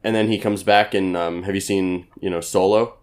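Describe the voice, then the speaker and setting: Deep-voiced young man with deadpan humor. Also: moderate pace. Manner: dry, deadpan jokes. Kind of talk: casual chat.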